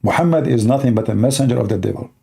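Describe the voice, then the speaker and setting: A man hosting a livestream, speaking sarcastic, mocking broken English and swinging between loud outbursts and exaggerated slow, soft talk. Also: medium pitch, animated, vocal fry, breathy edge. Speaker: livestream host. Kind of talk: livestream debate commentary.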